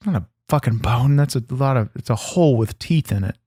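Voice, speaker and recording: A man voicing a foul-mouthed, angry male wrestler persona on a comedy podcast, profane and gruff. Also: medium pitch, lively intonation, a little fast, mellow, no room sound, studio quality, lightly acted. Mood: irritated. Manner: profane, gruff, constantly pissed off. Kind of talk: improvised comedy podcast banter.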